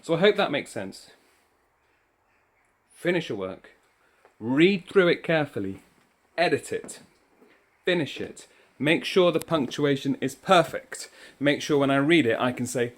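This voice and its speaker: A primary school teacher gives encouraging instructions for a remote lesson while walking between rooms inside a school, sounding slightly out of breath. His voice is on the high side, animated and a little slow, with a bit of hiss or hum in the recording.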